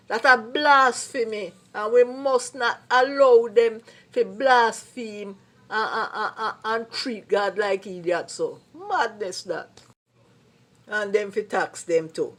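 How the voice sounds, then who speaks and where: Indignant Jamaican woman, high voice. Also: animated, unhurried. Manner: indignant, emphatic ranting. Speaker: vlogger commentator. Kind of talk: casual commentary in Jamaican Patois.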